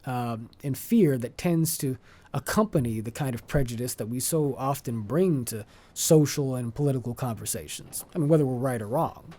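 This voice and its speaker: A man speaking as a podcast guest, measured and articulate in long flowing sentences, now and then restarting a phrase as he searches for words. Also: medium pitch, a little mellow. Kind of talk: conversational interview.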